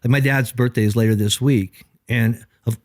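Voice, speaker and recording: A man's voice: mid-range voice, normal speed, no room sound, clean studio sound. A middle-aged man, a pastor, talking earnestly in a podcast conversation and acting out the quoted lines of the people in his stories. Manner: earnest, animated, acts out quoted dialogue.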